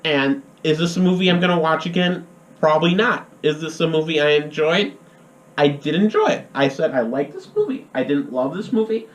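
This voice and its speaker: A man's voice: a little high, sing-song, normal speed. A young adult man giving a casual, rambling spoken movie review on a college radio show. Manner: rambling, conversational, with restarts. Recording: roomy, dull lo-fi sound.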